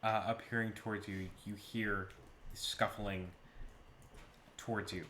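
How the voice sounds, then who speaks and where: A man running a tabletop game as game master, describing scenes slowly with measured pauses. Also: on the low side, level tone, roomy sound, background noise.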